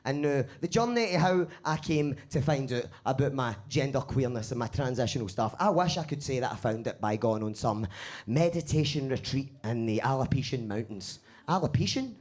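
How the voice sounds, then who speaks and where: A man with a Glaswegian accent performing a live stand-up set in a basement comedy club. He swears freely and talks in an animated way. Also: medium pitch, a little fast. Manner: swearing, animated, laughs at own jokes.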